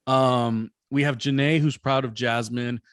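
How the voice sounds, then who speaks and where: A man hosting a casual recap podcast, rambling and hesitant, filling pauses with lots of ums. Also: medium pitch, fairly even intonation, dry recording, clean studio sound. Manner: rambling, hesitant with many fillers. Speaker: podcast host.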